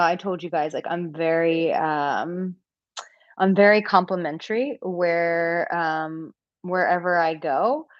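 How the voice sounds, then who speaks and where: An American woman living in Portugal coaches men on dating and chats casually at home during a live-stream Q&A, using lots of filler words. Her voice is on the low side, and the dry recording has its highs cut off.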